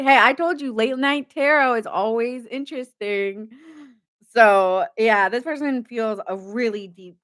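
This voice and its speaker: A woman's voice: on the high side, lively intonation, moderate pace, fairly bright tone. A woman giving a casual late-night tarot reading, chatty and goofy, joking often. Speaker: tarot reader.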